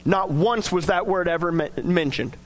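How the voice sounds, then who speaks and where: A young man preaches with a strikingly high voice, earnest and conversational. He slips into acted quotes and back to plain talk, keeping it personal and direct. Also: moderate pace. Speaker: pastor. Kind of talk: sermon.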